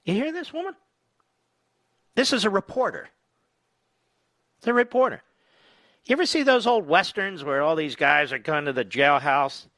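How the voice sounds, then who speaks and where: A man's voice: on the high side, normal speed, long pauses, bright, forceful tone, dry recording. A man hosting talk radio, delivering combative, sarcastic commentary.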